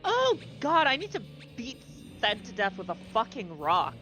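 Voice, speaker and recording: A woman's voice: a little high, huge pitch swings, normal speed, a bit bright, soft background music. A woman chatting bluntly and swearing in casual talk on a livestream.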